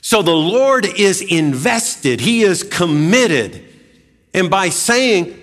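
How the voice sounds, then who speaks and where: A man preaching a sermon as a pastor, emphatic and animated, with dramatic swings in pitch. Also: slow pace, soft background music. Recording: long hall reverb.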